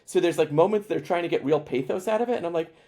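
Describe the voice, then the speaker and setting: A man chatting as a guest on a podcast, telling stories in an animated way with lots of fillers. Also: a little high, fast. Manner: animated storyteller, frequent fillers. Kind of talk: casual chat.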